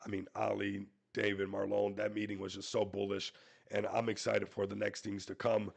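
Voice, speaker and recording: A man's voice: on the low side, completely flat delivery, moderate pace, gravelly, slightly rough. A man hosting a crypto live stream, sick with a stuffy nose, hyping a project in a salesy way. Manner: hyped, salesy, repeats "everybody". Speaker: crypto YouTuber host. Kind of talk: live stream promo talk.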